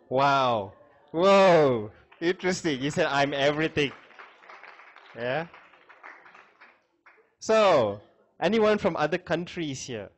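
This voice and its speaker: A man giving a classroom lecture, chatting with students, asking questions and laughing often. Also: a little high.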